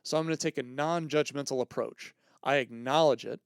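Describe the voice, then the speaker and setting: A man co-hosting a podcast, talking in a thoughtful, measured way with frequent restarts. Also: mid-range voice, creaky, clear, resonant tone, no echo, clean studio sound. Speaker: podcast co-host. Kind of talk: casual podcast chat.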